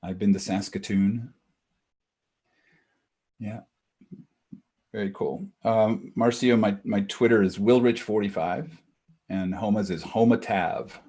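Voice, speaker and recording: A relaxed middle-aged man welcomes people by name before a webinar starts. His voice sits low and a little husky, heard over a video call. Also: takes it slowly, long pauses. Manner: relaxed, chatty, greets attendees by name. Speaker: webinar co-host. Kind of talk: casual greetings before a webinar.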